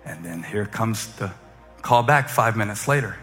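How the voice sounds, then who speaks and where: Bright-voiced preacher in an echoey hall. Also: male voice, lowish voice, animated. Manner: humorous, conversational, with fillers and quick asides. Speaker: pastor. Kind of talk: sermon storytelling. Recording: echoey hall with faint music.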